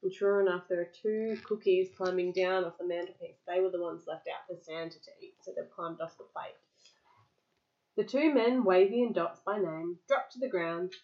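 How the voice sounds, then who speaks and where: A woman reading a picture book aloud to a child, lively, pausing to explain words and answer questions. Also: lowish voice, muffled recording.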